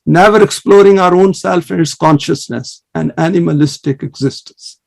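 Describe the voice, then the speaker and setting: Religious lecturer, male, earnest and measured, fry in the voice. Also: a little high, a little mellow. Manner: earnest, measured lecturing with fast Arabic recitation. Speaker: Islamic study presenter.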